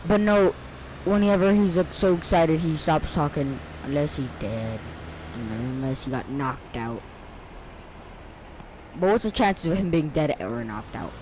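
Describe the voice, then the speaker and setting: A man playing a video game and commenting on it, excitable and frantic, often shouting out in bursts and talking to himself in casual slang. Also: fairly high pitch, a little slow, a little hiss or hum. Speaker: gaming video creator.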